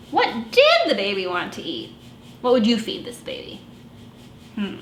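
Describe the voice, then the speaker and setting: A woman children's librarian reading a picture book aloud at storytime in an animated, expressive way. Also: on the high side, unhurried, long pauses. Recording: echoey room with faint noise.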